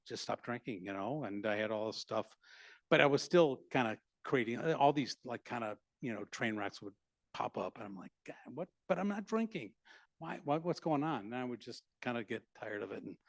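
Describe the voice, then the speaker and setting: A middle-aged man telling a personal story to an audience, halting with many restarts and self-mocking humor. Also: mid-range voice, no room sound. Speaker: speaker at a library talk.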